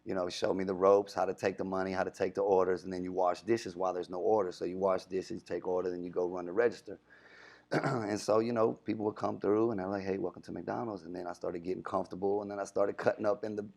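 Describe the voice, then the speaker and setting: A man's voice: sits low, fast talker, vocal fry. A young adult man, a radio DJ, casually telling stories in an interview and acting out the voices he quotes. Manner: animated storyteller, acts out quoted voices.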